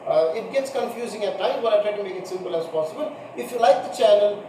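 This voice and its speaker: High-voiced male teacher in an echoey room. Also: lively intonation, quick pace, dark tone. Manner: patient, repeats points and spells out examples. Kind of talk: recorded grammar lesson. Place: room with a board. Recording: echoey room, mic far off, faint hiss.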